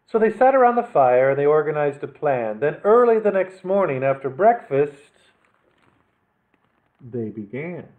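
Role: library story time host. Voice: animated man reading picture books. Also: on the high side, a little slow. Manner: warm, animated reading with friendly asides. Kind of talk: picture book read-aloud for children. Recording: lo-fi phone-like sound.

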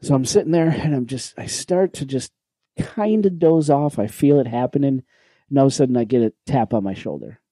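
A man co-hosting a podcast, telling a story in a casual, animated way, swearing and acting out what people said. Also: mid-range voice, brisk, dry recording. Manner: animated, swearing, acts out quoted lines. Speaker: podcast co-host. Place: podcast recording room.

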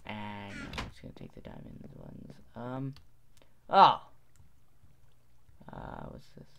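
A man's voice: lowish voice, huge pitch swings, takes it slowly, gravelly, fairly bright tone, slight background noise. A teenage boy giving gameplay commentary, rambling, muttering to himself and correcting his words. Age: teens. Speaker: gaming video host.

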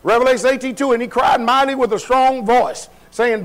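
A man's voice: high-pitched, animated, fast talker, few pauses, poor audio. A male pastor preaching a sermon in a church, putting questions to his congregation and talking in a loose, colloquial way. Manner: colloquial, laughs at his own remarks, shifts between loud and quiet. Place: church sanctuary.

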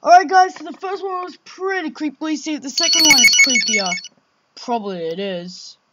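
This let's play gamer, a woman, speaks at normal speed in a high voice while playing a horror game. Jumpy, she exclaims and swears often, with frequent cries of "oh my God", over loud background noise.

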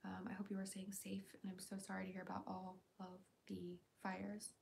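A woman streamer chatting casually on a livestream, reading viewers' comments aloud and answering them with quick giggles. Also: mid-range voice, monotone, gravelly, a little mellow, slight background noise. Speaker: streamer and voice actor.

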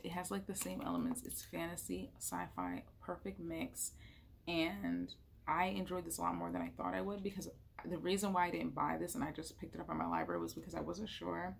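A woman's voice: on the low side, vocal fry, noisy background. A woman giving a casual, chatty book wrap-up at home, full of fillers. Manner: chatty, emotional, lots of fillers. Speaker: book reviewer. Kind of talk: casual monthly reading wrap-up.

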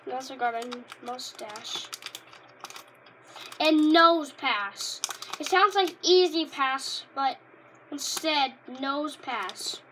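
High-voiced chatty woman, noisy room. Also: slow pace. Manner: rambling, easily delighted, bursts into loud exclamations. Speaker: Pokémon card reviewer. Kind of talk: casual unscripted vlog chat.

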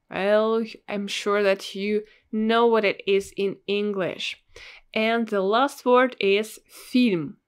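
A woman with a Russian accent teaching a language lesson, repeating words slowly and carefully for learners. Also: medium pitch, clear, resonant tone.

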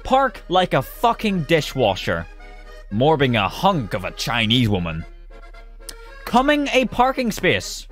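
A rather high-voiced man reads absurd fill-in-the-blank stories on a stream, his pitch swinging widely. He takes his time over most lines but rushes through asides and laughs at his own results. Faint music plays underneath. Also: huge pitch swings, fairly bright tone. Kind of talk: reading silly fill-in-the-blank stories aloud.

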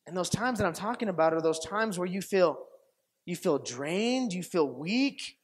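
A man preaching a sermon as pastor, telling stories with lively acted-out quotes and frequent laughter, often restarting phrases and checking with his audience. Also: high-pitched, moderate pace, breathy edge. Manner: animated storytelling, acts out quoted voices, laughs often; repetitive restarts, asks audience questions.

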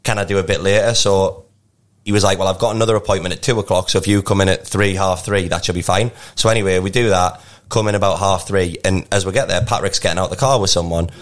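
A man's voice: low voice, steady tone, quick pace. A man with a North East English accent co-hosting a podcast, telling a long rambling anecdote and laughing often. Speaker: podcast co-host. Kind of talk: casual storytelling.

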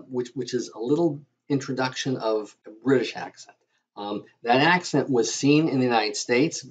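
A man lectures on history in a husky voice, stumbling through frequent fillers and restarts. The recording sounds dull and lo-fi. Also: medium pitch. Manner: halting, lots of fillers and restarts. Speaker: history teacher.

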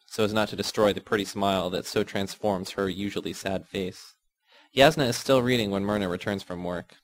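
A man reading a first-person novel aloud in steady, measured narration. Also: lowish voice, poor audio. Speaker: audiobook reader.

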